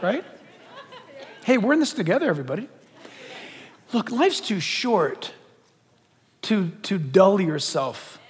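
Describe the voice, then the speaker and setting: A man delivers a sermon with a high voice that swoops up and down. He jokes and slips into quoted voices as he preaches. The sound rings with the long reverb of a large church hall. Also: measured pace, long pauses, slightly rough, some chatter behind. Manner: animated, joking, acts out quoted voices. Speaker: pastor. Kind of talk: lively sermon. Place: church auditorium.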